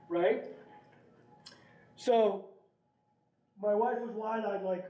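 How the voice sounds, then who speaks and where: A man's voice: high voice, very slow, pauses often. A middle-aged man speaking at a parent meeting, telling stories and often asking the audience "right?". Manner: animated, asks the audience "right?". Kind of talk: presentation with storytelling. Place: meeting room. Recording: roomy, distant, dull room recording.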